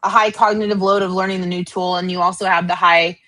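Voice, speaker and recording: Quick-thinking woman co-host, conversational. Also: fairly low pitch, level tone, bright, forceful tone, low-quality recording. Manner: quick, thinks aloud, uses "like" often. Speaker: podcast co-host, educator. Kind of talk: casual chat.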